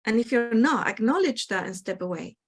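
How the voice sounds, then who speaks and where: A woman's voice: fairly high pitch, lively intonation, a little fast, breathy edge. A woman host with a slightly raised voice talks through her ideas on a spiritual talk show. Her delivery is reflective and explanatory. She often slips into acting out the replies people give.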